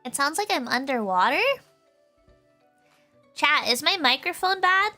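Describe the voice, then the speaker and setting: A woman streamer chatting casually with her viewers in a high, girlish voice, giggling often and filling her talk with "like". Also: lively intonation, measured pace, bright, forceful tone, faint music behind. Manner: giggly, laughs often, full of "like" fillers.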